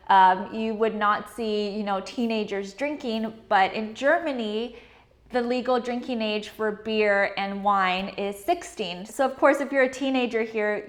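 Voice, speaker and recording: Brief: woman vlogger, mid pitch, chatty and loose, lots of "like". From Canada. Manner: chatty, filler-heavy with frequent laughs. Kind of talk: casual chat to camera.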